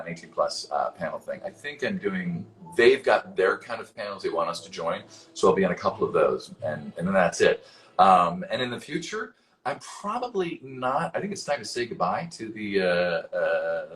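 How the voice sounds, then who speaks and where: Low-voiced man in his fifties, animated. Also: normal speed. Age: 50s. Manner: casual, rambling, swears freely; reads fan questions aloud, then answers. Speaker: voice actor answering fan questions. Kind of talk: livestream Q&A.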